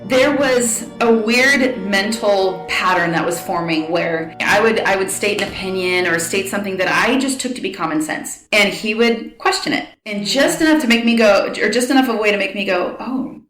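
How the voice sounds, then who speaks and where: An American woman in an interview, retelling her story with animated, acted-out quotes. Her voice sits in the middle of the range, and the recording carries a noticeable roomy echo. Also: medium pitch, normal speed, hardly any pauses, faint music behind. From United States. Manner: animated, acts out quoted dialogue. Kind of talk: personal storytelling.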